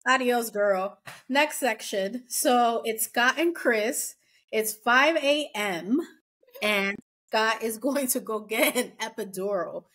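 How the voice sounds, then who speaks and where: A woman co-hosting a casual podcast, recapping a reality show and acting out quotes in lively voices. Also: a little high, slow. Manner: chatty, acts out quotes in animated voices. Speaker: podcast co-host.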